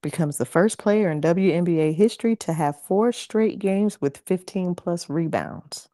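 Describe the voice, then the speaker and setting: A woman's voice: fairly low pitch, normal speed, warm tone, dry recording, clean studio sound. A woman in her forties arguing emphatically in a casual sports debate, stretching her words for effect. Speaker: debate panelist.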